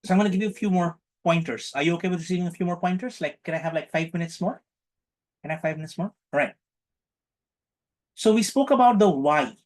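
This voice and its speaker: A man with a somewhat raised pitch guides an online group healing session. He speaks in a playful, teacherly way, repeating each question to his listeners over a video call microphone. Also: quick pace. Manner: playful, repetitive teacherly prompting.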